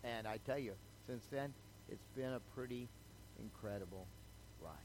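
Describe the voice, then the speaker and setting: A man's voice: mid-range voice, moderate pace, a little mellow, slight background noise, low-quality recording. Older man preaching, chatty and storytelling. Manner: conversational, storytelling, asks the crowd "okay?". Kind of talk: sermon with personal testimony.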